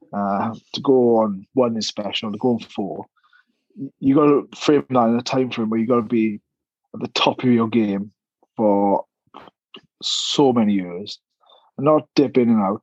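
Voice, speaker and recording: A man who played rugby, talking as a guest in a casual chat, relaxed and full of uhs and repeated words. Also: medium pitch, husky, no room sound, dull audio.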